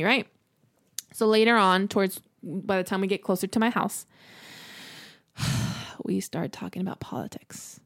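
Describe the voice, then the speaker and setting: A young woman co-hosting a podcast, telling a personal story in an animated, exasperated way and swearing freely. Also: medium pitch, no room sound, clean studio sound. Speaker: podcast co-host.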